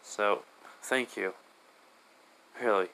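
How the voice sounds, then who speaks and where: A man voicing a kind, earnest young male adventurer, speaking softly and haltingly in his own voice. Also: fairly low pitch, vocal fry, slight background noise, full character voice, poor audio. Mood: tender.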